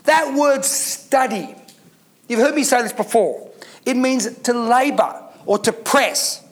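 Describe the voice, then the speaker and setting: High-voiced man preaching emphatically. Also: slow pace. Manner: emphatic preaching with rhetorical questions. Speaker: pastor. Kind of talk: sermon.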